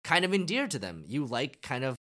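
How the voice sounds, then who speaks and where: A podcast co-host in casual chat, retelling scenes excitedly with lots of fillers and restarts. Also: mid-range voice, a little fast.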